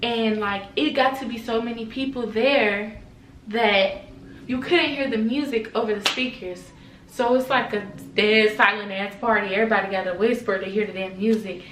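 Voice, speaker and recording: A woman casually telling a party story to camera, animated, slangy and profane, acting out the quotes. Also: medium pitch, normal speed. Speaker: storytime vlogger. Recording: echoey room, mic at a distance.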